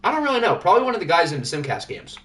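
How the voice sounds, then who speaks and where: Male streamer, slightly high voice, loose joking commentary on league results. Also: huge pitch swings, rapid-fire, sharp tone. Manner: chatty, joking, thinks aloud. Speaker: livestream host. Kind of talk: casual sports sim commentary.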